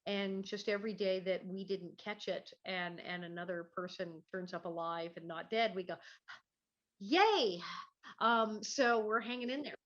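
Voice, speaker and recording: A woman's voice: medium pitch, fairly even intonation, moderate pace, hardly any pauses, a bit bright. Brief: woman comedian, chatty and self-deprecating, lo-fi home video call sound. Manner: chatty, self-mocking, restarts often. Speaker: guest, actor and comedian. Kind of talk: casual video chat. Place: her living room at home.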